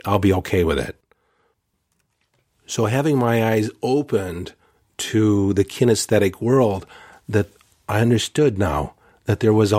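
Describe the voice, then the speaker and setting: A man casually telling a personal story in a candid, self-deprecating way, with fillers and quick asides. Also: on the low side, a little mellow, no room sound, clean studio sound. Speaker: host recounting a personal lesson.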